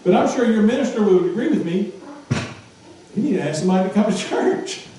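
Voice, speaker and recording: A male pastor delivers a sermon with a fairly high voice, repeating his points and asking the congregation rhetorical questions. He sounds distant from the mic. The church around him is very echoey, with a faint hum of room noise. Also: lively intonation, fairly quick, warm tone. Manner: emphatic, repeats phrases, asks rhetorical questions. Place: church sanctuary. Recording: echoey hall from far off.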